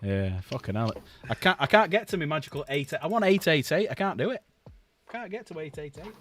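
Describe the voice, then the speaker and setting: A man's voice: fairly high pitch, very animated, a little fast, a bit bright, a little hiss or hum. A man hosting a casual chat while painting miniatures, jokey and swearing freely, muttering to himself at times. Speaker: host.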